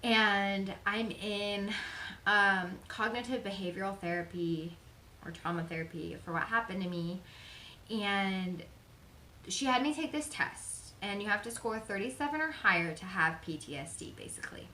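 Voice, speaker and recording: A woman's voice: mid-range voice, normal speed, bright, forceful tone. Young woman vlogging, open and chatty, lots of likes and ums, slight hiss behind her. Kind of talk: personal confessional vlog. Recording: echoey room.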